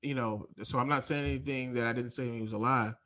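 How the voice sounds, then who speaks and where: A man's voice: medium pitch, steady tone, bright, forceful tone. Earnest podcast host man. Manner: earnest, emphatic, talks in quick bursts. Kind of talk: casual conversation.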